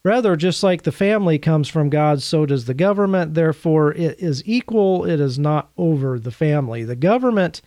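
Male presenter, earnest and chatty with dry sarcasm, somewhat high voice, dry close sound. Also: animated, moderate pace, few pauses, warm tone, no echo. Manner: earnest, conversational, dryly sarcastic asides. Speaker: Catholic teacher presenting a series. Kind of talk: teaching talk to camera.

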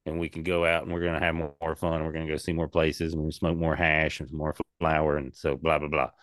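A man's voice: very deep voice, fast, dry recording, clean studio sound. A man co-hosting a podcast, rambling and swearing in casual chat about comedy shows. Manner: rambling, animated, swears a lot.

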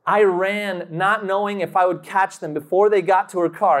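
A man preaches a sermon, slowly and dramatically recounting a personal story, acting out quotes and erupting in sudden loud bursts. His voice sits high with fairly even intonation.

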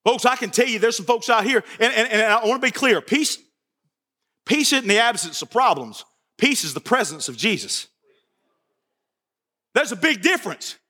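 A man preaching a sermon in a church, animated and joking, often repeating his words. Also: extremely high pitch, moderate pace, pauses often, big-room sound. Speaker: pastor.

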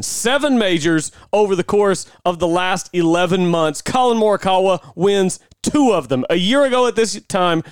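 A man hosting a golf podcast, recapping a tournament in an energetic, brisk way. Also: high voice, clean tone, no room sound, studio quality. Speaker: podcast host. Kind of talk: casual sports podcast chat.

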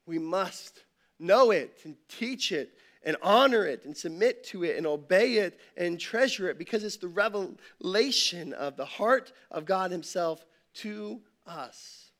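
High-voiced man preaching a sermon. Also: expressive, unhurried, a bit bright. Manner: conversational preaching, tells a joke with rhetorical questions. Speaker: campus pastor.

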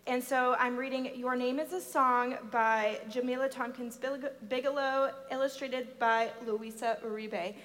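A woman's voice: sits high, fairly even intonation, measured pace, few pauses, a bit bright, big-room sound. A woman who runs library story times, reading a picture book aloud and asking listeners to repeat words with her. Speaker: library story-time reader. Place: church.

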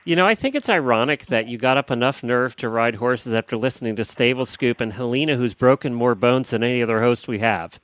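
A man hosts a casual podcast roundtable, chatty and quick to tease and laugh. His voice sits in an ordinary middle range. The sound is dry and close. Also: medium pitch, a bit bright, no room sound. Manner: chatty, laughs often, teasing. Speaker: podcast host.

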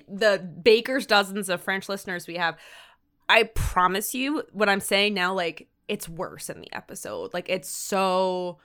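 A woman's voice: medium pitch, lively intonation, a little slow, a bit bright, clean tone. A woman co-hosting a casual podcast, walking through a TV episode in a loose, chatty way. She rambles, leans on "like" constantly and laughs between points. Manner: chatty, rambling with many "like" fillers, laughs often. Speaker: podcast co-host. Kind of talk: casual chat recapping a TV episode.

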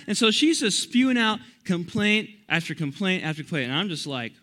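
Bright-voiced, energetic young man preaching. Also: high voice, fairly quick, few pauses. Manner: energetic and chatty, with frequent restarts. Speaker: youth pastor. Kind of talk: youth sermon with storytelling. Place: church youth service.

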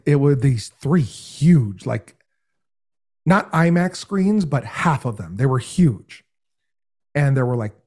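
A man telling a story in casual podcast talk, animated and full of imitated voices. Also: medium pitch. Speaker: podcast guest, game show host.

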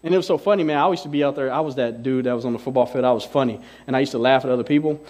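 A young adult man preaching a casual sermon, animated and joking, using slang and acting out conversations. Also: mid-range voice, very fast. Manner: animated, joking storyteller with slang, acts out dialogues. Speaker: pastor.

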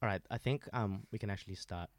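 A man's voice: fairly low pitch, quick pace. A man hosting a casual podcast chat among friends, jokey and prone to losing his train of thought. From Australia. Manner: lively, jokey, trails off mid-thought. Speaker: podcast host.

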